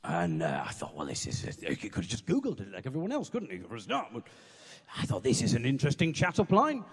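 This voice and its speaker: A man's voice: mid-range voice, huge pitch swings, fast, slightly rough. A British man doing stand-up comedy with dry, self-deprecating asides, recorded live. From Britain. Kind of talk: comic song then stand-up. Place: university venue stage. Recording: live in a reverberant hall.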